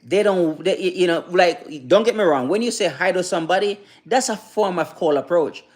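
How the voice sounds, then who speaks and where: Brief: male livestreamer, voice a bit above average pitch, loose rambling delivery full of restarts and "you know what I mean". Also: lively intonation, normal speed. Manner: reads and answers viewer chat. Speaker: livestreamer giving advice. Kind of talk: casual livestream talk.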